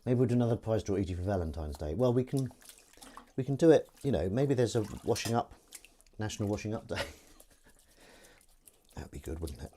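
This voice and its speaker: A man's voice: fairly low pitch, animated, fairly quick, pauses often, warm tone, slight background noise. A man streaming while he washes up in his kitchen, chatting in a rambling, self-mocking way. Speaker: live streamer. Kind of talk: casual chat while washing up. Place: kitchen at the sink.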